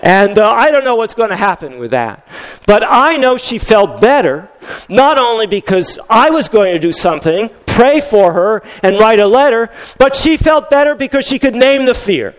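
Older male pastor with a high voice. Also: big pitch swings, normal speed. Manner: conversational storytelling, many restarts. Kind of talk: sermon.

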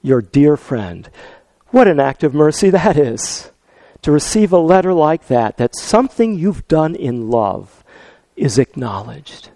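A male pastor preaching a sermon, telling stories with lively swings from loud to soft. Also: fairly high pitch, unhurried, dry recording. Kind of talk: sermon with storytelling.

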